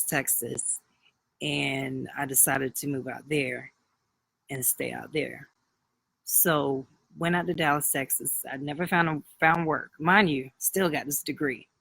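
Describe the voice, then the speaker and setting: Guy around 30 rambling thru his story on a live stream, gravelly voice, dry close sound. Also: fairly high pitch, fairly bright tone, dry recording, low-quality recording. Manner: rambling and candid, with many fillers and restarts. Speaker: livestream host. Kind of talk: casual personal storytelling on a live video.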